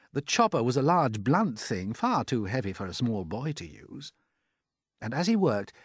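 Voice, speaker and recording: A man narrating a children's storybook in an expressive, unhurried way. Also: lowish voice, slightly rough, no room sound, studio quality. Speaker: audiobook narrator.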